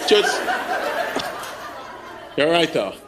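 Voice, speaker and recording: A man's voice: fairly high pitch, sing-song, very slow. A man doing stand-up crowd work, brash and profane, laughing at his own jokes. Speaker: stand-up comedian. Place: comedy club stage before a laughing crowd. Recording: club mic with loud crowd laughter and room noise.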